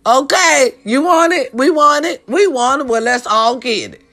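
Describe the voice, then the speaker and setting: A woman, telling comic family stories in a profane, animated way, swinging from hushed sincerity to loud shouting. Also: sits high, a little slow. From American South. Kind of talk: casual comedic storytelling monologue.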